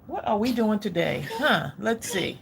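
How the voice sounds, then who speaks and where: A middle-aged woman hosting a home crafting livestream. She talks to her viewers at an unhurried pace, chatty and gushing, with a mid-range voice. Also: mid-range voice, lively intonation, vocal fry, a little hiss or hum. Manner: effusive, chatty, addresses viewers directly. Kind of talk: casual live chat with viewers.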